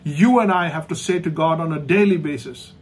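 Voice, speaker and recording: A man preaching a sermon as pastor, emphatic and repetitive, slowing down to stress points and dropping to a soft hush at the end of each thought. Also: on the high side, a little hiss or hum. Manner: emphatic, repeats key phrases, slows down for stress. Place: online church service.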